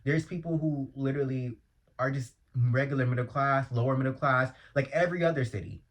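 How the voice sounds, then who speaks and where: A man from Los Angeles hosts a casual solo podcast, rambling in a chatty, slang-heavy way. He breaks into loud, exasperated outbursts when something annoys him, and he speaks into an earphone mic. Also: mid-range voice, brisk. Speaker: podcast host.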